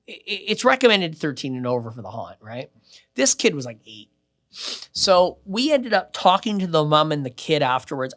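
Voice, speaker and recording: A male mentalist being interviewed on a podcast. He tells stories in an animated, boastful way, and his loudness swings often. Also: medium pitch. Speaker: mentalist guest. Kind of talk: animated storytelling in conversation. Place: podcast studio.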